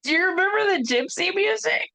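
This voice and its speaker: A woman's voice: very high voice, animated, fairly quick, gravelly, sharp tone. A woman co-hosting a podcast in casual chat, telling family stories in a chatty way, swearing and laughing often. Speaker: podcast co-host.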